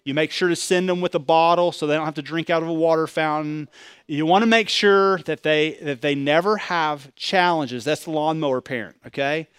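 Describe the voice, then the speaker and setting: A pastor preaching a sermon with animated delivery, asking the congregation rhetorical questions and pushing his voice up loud. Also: on the high side, normal speed, clear, resonant tone, no room sound, studio quality.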